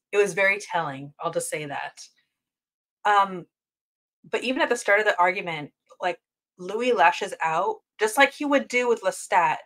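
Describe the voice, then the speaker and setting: A woman's voice: medium pitch, a bit bright. Chatty woman reviewing a show. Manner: chatty, rambling with many fillers and self-corrections. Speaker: book and TV review channel host. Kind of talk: casual review chat.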